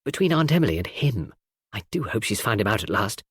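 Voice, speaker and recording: A man's voice: fairly low pitch, big pitch swings, a little fast, fairly bright tone, husky, dry recording, clean studio sound, heavily acted. A man voicing an eager, chatty young woman in a storybook reading. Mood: eager gossip.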